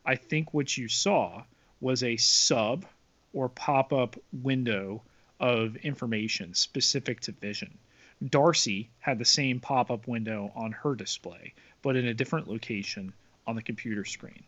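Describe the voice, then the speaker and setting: A man of middling pitch co-hosts a podcast, reading listener mail in an animated way with pitch jumps. The recording is dull and lo-fi, lacking the upper frequencies. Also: measured pace. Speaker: podcast co-host. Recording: dull lo-fi sound.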